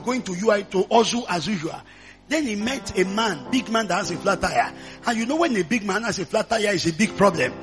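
A Nigerian man preaching a sermon, telling stories quietly and then shouting exhortations to the congregation. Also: high-pitched. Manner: storytelling that builds into shouted exhortation. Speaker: pastor.

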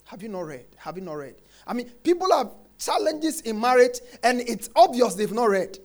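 A man preaching a sermon, quoting scripture and repeating his refrain, dropping soft and then shouting. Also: extremely high pitch, sing-song, normal speed. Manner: emphatic, repeats phrases, swings between soft and shouted lines; quotes scripture, acts out congregants' complaints.

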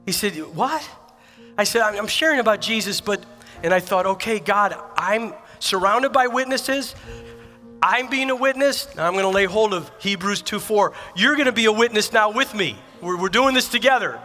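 A man's voice: high-pitched, lively intonation, normal speed, pushed and bright, faint music behind. A man preaching a sermon as pastor, telling personal stories in an earnest, emphatic way with repeated phrases. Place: church sanctuary.

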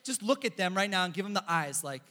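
A young man giving a casual youth sermon, chatty and animated, telling stories and reading scripture. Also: high-pitched, fast. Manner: animated, chatty, lots of "like" and "bro". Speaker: youth pastor. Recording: echoey hall reverb.

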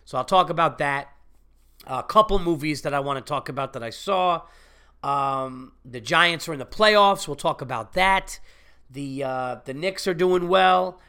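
A man's voice: on the high side, unhurried, bright, forceful tone, clean tone. A man with a cold hosting his own podcast, talking in a rambling, profane, chatty way. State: sick with a cold. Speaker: podcast host and comedian. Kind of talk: casual solo podcast monologue.

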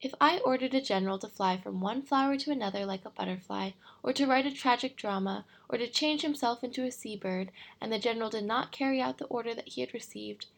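A woman reading an audiobook, voicing a proud, pompous old king who gives grand formal orders, with a gravelly, husky voice. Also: fairly high pitch, quick pace, hardly any pauses. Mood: lecturing.

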